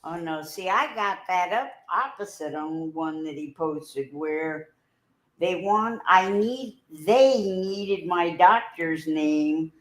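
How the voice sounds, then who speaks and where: A woman's voice: lowish voice, animated, slow pace, echoey room. A woman co-hosting a livestream, chiming in casually with short remarks. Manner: brief interjections. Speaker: co-host.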